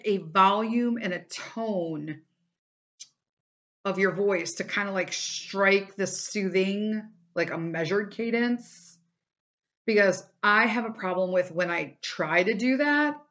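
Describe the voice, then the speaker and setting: A woman's voice: mid-range voice, fairly bright tone. A middle-aged woman hosting a podcast, giving casual advice in a chatty, emphatic way with lots of fillers. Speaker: podcast host.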